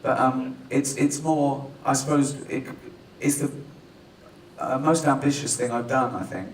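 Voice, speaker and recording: A man's voice: medium pitch, fairly even intonation, a little slow, a little hiss or hum. A middle-aged man with an English accent, joking and self-mocking as he talks about his film at a press conference, often breaking into laughter. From England. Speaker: writer-director and actor. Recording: roomy hall, distant mic.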